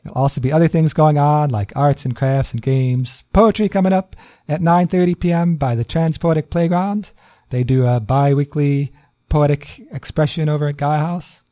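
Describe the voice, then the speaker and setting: A man co-hosting a community radio show, reading event listings in a relaxed, casual way. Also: on the high side, normal speed, no echo, lo-fi sound. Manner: relaxed, reads event listings with easy chuckles. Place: radio studio.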